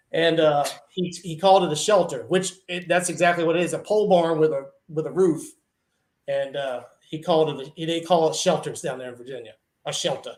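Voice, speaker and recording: Guy with kinda high voice telling a funny story, laughs a lot, echoey room. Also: moderate pace. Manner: animated, laughs often, acts out quoted friends. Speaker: truck and tractor pulling guest. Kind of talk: casual storytelling on a live show.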